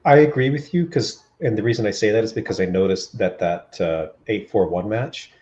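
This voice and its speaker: Male guest with a lowish voice; blunt, cusses, brushes things off. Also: a little fast, darkish tone, dull audio. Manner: blunt, dismissive, swears freely. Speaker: podcast guest. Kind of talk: casual wrestling review chat.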